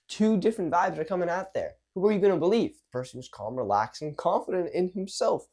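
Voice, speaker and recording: Young guy giving social skills advice, casual and animated, swears a bit, acts out examples. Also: sits high, a little fast, hardly any pauses. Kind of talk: casual coaching talk to camera.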